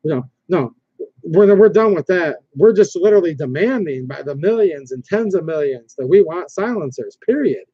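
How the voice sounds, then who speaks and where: Guy rambling on a livestream reading chat comments, kinda high mellow voice, dull lo-fi sound. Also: lively intonation, normal speed, husky, dry recording. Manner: rambling, reads viewer comments aloud, frequent restarts. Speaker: livestream host. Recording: dull lo-fi stream audio.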